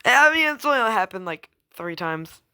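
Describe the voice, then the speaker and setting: A woman's voice: fairly high pitch, sing-song, moderate pace, pushed and bright, clean tone. A young woman talks casually to her camera as a gaming YouTuber. She rambles, giggles and teases, and often lets a thought trail off before jumping to the next.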